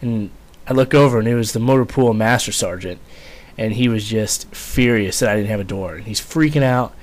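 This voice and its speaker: A man's voice: fairly low pitch, brisk. A young man casually telling a rambling, profane story, full of fillers and swearing. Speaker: vlogger, former Marine.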